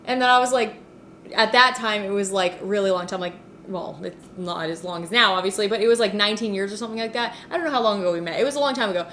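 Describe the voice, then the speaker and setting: A woman's voice: mid-range voice, fast, a little hiss or hum. A woman hosting a casual chat, telling stories with lots of fillers and laughter. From Canada. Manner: animated, laughing storyteller with many "like" fillers. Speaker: host.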